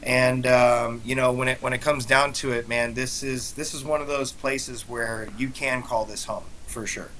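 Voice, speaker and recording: A man's voice: mid-range voice, steady tone, normal speed, hardly any pauses, fairly bright tone, poor audio. A young man co-hosting a casual podcast, speaking in an earnest, heartfelt way with many "you know"s. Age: young adult. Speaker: guest co-host.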